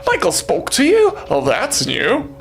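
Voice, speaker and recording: A man's voice: high-pitched, huge pitch swings, measured pace, gravelly, soft background music, pitched above the performer's own voice, exaggerated voice. Laurie, a chirpy young woman neighbor, as a man puts her on. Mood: chirpy friendly.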